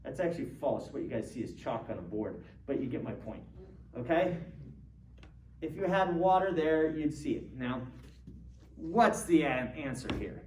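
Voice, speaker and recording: A man's voice: mid-range voice, lively intonation, moderate pace, a little mellow. Guy teaching philosophy, talks casual and keeps asking the class stuff, mic far off, faint hiss. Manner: conversational, quizzing students with frequent "right?". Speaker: philosophy lecturer. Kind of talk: classroom lecture. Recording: roomy classroom, distant mic, faint noise.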